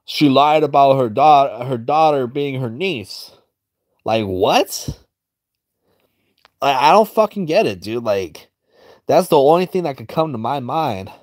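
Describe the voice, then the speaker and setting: A man's voice: fairly low pitch, no echo, clean studio sound. A man streaming and drawing as he comments in a crude, heavily profane, rambling way. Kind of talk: casual commentary while drawing.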